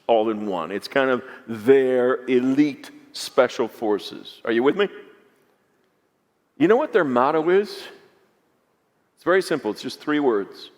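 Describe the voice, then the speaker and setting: A male pastor delivers a sermon at an unhurried, deliberate pace. His voice sinks to near-hushes, then climbs to emphatic peaks as he calls the congregation to answer back. A long hall reverb trails every phrase in the big church. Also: animated. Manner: swings between hushed lows and rising emphatic peaks; asks the congregation to repeat lines back. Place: large church sanctuary.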